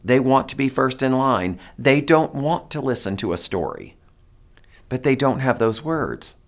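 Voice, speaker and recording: Male teacher trainer, mid-pitch, lively and demonstrative, coaching a room. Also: a little slow. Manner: animated, demonstrative, coaxes audience to repeat phrases. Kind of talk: presentation to teachers.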